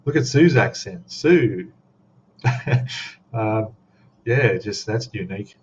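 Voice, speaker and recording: Over dull, slightly noisy lo-fi stream audio, an Australian man with a fairly low, expressive voice speaks slowly. He hosts a scale model live stream, chatting casually, rambling, and reading out chat comments.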